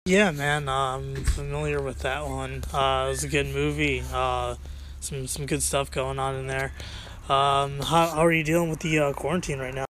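Man, podcast host, casual halting chat, bright tone, faint background noise. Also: medium pitch, little pitch movement, low-quality recording. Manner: halting, many ums and uhs.

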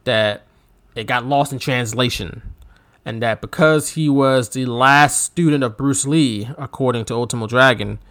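A man's voice: medium pitch, a little slow. A man co-hosting a casual wrestling podcast, telling stories with laughter and acted-out quotes. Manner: animated storyteller, laughs often, acts out quotes. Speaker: podcast co-host.

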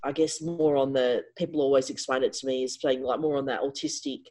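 A middle-aged woman, a guest on an interview, telling a personal story in a casual, animated way with frequent restarts. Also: a bass voice, a little fast, poor audio.

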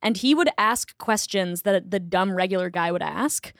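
A woman's voice: medium pitch, animated, moderate pace, no room sound, studio quality. A young woman from Boston, a comedian guest on a podcast, talking in a chatty, frank way with lots of fillers and swearing. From Boston, USA. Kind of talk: casual chat.

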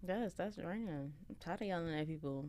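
A woman's voice: lowish voice, brisk, dark tone. A woman co-hosting a podcast in casual chat, blunt and profane, who drops in short, punchy interjections. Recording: clear hiss and clicks on the line.

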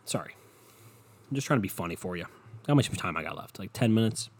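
A man hosting a solo podcast, rambling in a profane, deadpan way and sounding tired. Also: deep voice, fast talker, husky. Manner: profane, meandering and deadpan, with frequent swearing. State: tired and yawning. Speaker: podcast host.

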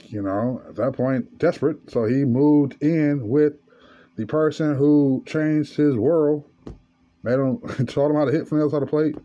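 A podcast host tells a story in a casual, profane monologue that climbs into an angry rant. His voice is mid-range with a dark tone, and the audio sounds dull.

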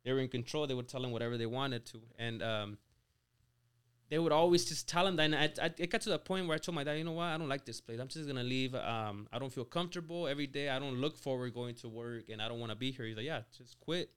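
Fast and a bit bright, with a clean tone at medium pitch, this voice belongs to a Mexican man in his twenties who owns an auto shop. As a podcast guest he tells his story casually, filling it with "like" and "you know" and restarting words.

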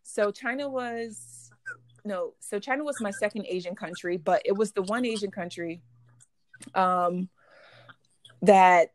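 A woman hosting a podcast in casual chat, telling lively stories and laughing often. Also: medium pitch. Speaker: podcast host.

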